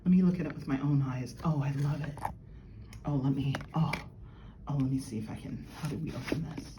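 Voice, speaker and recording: A woman, gushing and excitable as she unboxes jewelry and chats with viewers she calls y'all. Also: extremely low pitch, a little fast, noisy background. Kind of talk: casual unboxing chat to viewers. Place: at work.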